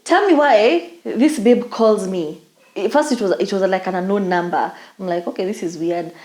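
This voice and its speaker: A woman's voice: medium pitch, lively intonation, moderate pace, darkish tone. A young Kenyan woman co-hosting a podcast, telling a story in casual chat with Swahili slang. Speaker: podcast co-host. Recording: echoey room.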